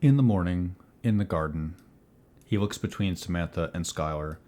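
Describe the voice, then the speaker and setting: A man runs a tabletop game as game master, describing scenes in a calm, measured way. His voice sits very low.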